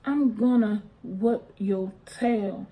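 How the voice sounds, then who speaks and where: A woman's voice: mid-range voice, drawn-out words, warm tone. A woman voicing a stern, no-nonsense mother who scolds and threatens.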